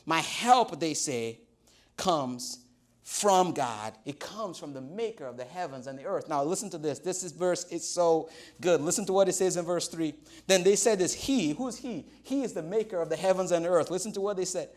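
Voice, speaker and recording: A male pastor delivering a chatty, humorous sermon. His voice sits fairly high, and he keeps pulling the listeners in with quick asides. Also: darkish tone. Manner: conversational, humorous, frequent "right?" asides.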